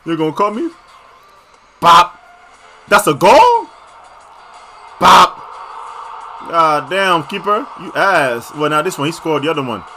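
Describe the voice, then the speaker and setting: A young man casually reacting to video clips, slangy and excitable, often bursting into shouts. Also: a little high, a little fast, hardly any pauses, soft background music.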